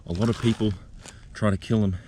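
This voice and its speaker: A man vlogging outdoors in the bush, talking gently and excitedly as he coaxes a spider out of its burrow. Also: on the low side, brisk, a little hiss or hum. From Australia. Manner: excited, gentle, coaxing, thinking aloud. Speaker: nature vlogger. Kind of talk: outdoor wildlife vlog, talking to camera. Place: outdoors in a bushland reserve.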